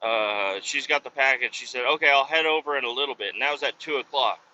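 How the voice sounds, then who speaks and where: A man's voice: medium pitch, fast, bright, forceful tone. A man hosting a podcast while driving, telling a rambling, swear-heavy story with exasperation. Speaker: podcast host. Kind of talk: casual rant while driving. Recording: dull lo-fi with faint road noise.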